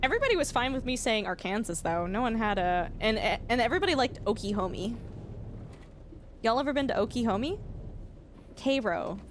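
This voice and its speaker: Canadian girl streamer rambling while gaming, kinda high voice, noisy background. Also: animated, fairly quick. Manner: chatty, laughing, questioning her own pronunciation. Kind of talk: casual livestream chat while gaming.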